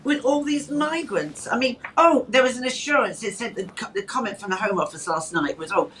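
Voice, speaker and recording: A woman's voice: fairly high pitch, expressive, fairly quick, fairly bright tone, slight background noise. A woman, a guest on a talk show, speaking in a blunt, outraged way with stumbling restarts. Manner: outraged and blunt, with many stumbling restarts and laughs between points. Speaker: studio guest. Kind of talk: opinionated talk show chat.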